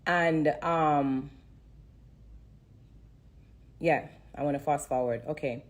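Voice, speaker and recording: Speaking slightly slowly in a deep voice, a woman livestreams an emotional, sincere testimony from her phone on social media. She keeps repeating herself while holding back tears.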